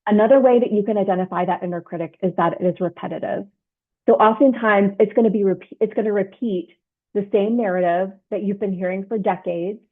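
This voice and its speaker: A woman leadership coach giving an instructional self-help talk, explaining step by step and often checking in with "right?". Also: mid-range voice. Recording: tinny phone-like sound.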